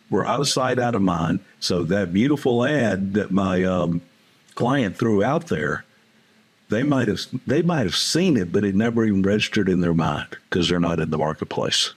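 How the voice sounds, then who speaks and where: A man with a low, husky voice speaks as a business coach in a relaxed interview. He is plainspoken and folksy and tells stories from his client calls. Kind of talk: casual interview talk.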